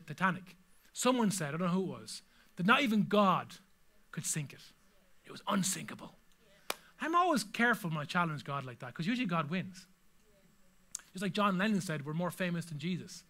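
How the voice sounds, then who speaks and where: A pastor preaches in a lively, storytelling manner with touches of humor. His voice is high for a man and very bright and sharp. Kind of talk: sermon.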